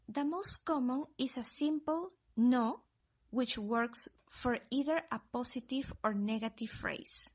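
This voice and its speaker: Woman language teacher, scripted lesson read-through, unhurried pacing, slightly high register. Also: breathy edge. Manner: slow, careful example sentences spoken in Spanish. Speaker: Spanish teacher.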